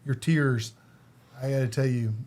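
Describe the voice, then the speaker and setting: A man's voice: medium pitch, fairly even intonation, measured pace, a little mellow. Interview host, male, affirming and reflective tone. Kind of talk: interview conversation.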